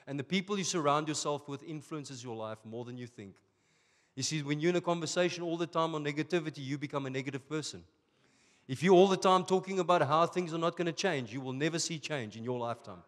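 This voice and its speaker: A male pastor preaching a sermon from South Africa, animated and rising to emphatic bursts. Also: fairly high pitch, fast talker, in a large hall.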